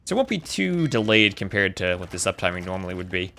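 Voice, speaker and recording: A man's voice: sits low, big pitch swings, quick pace, gravelly, bright, forceful tone. A man casting a strategy game tournament on a live stream in a chatty way, breaking off to thank viewers. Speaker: tournament host and caster. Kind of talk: live-streamed esports commentary.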